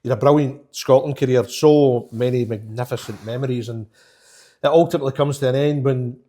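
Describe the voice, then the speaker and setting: A man's voice: mid-range voice, brisk, dark tone. A man interviewing a former footballer, admiring and restarting his questions. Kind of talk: casual sports interview.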